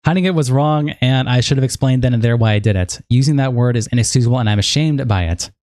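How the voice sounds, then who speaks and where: Young man streaming, mellow and dry. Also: medium pitch, no echo. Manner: casual, halting, reads flatly and breaks off to react. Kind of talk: livestream commentary, reading messages aloud.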